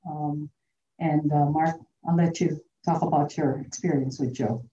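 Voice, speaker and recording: Woman emcee at a memorial, gracious, low dark voice, faint background noise. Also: fairly even intonation, a little slow. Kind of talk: introducing speakers. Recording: roomy, distant, dull lo-fi sound.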